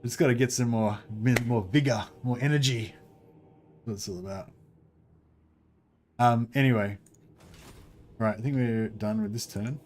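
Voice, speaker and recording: A man with an Australian accent chatting casually while streaming a game, speaking quietly and mumbling, tired and sore, into a desk microphone set behind his keyboard. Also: medium pitch, moderate pace, pauses often, slight background noise. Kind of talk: casual livestream chat. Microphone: desk-stand microphone behind keyboard.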